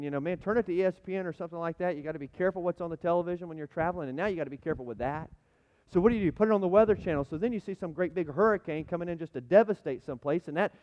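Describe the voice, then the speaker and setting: Middle-aged male pastor, high voice, dramatic sermon storytelling with big swings in loudness, long hall reverb. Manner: storytelling, swings from hushed to near shouting; dramatic re-enactment of his own cries.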